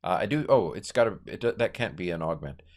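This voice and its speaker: A man's voice: deep voice, lively intonation, brisk, darkish tone. A middle-aged man teaching Greek grammar informally, thinking aloud with many fillers and corrections and playful asides. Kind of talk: informal Bible language lesson.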